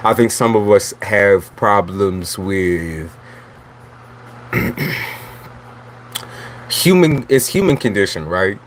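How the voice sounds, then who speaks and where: A man's voice: fairly low pitch, expressive, slow pace, pauses often, slight background noise. A man reading tarot who talks in a blunt, chatty way, swearing freely and laughing often as he rambles. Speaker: tarot reader. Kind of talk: casual livestream monologue.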